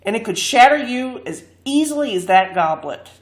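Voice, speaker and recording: A woman's voice: on the high side, expressive, normal speed, reverberant, voice pushed up, lightly acted. A woman voicing a portly, cold man who despises magic and threatens the others. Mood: menacing. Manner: blunt and threatening.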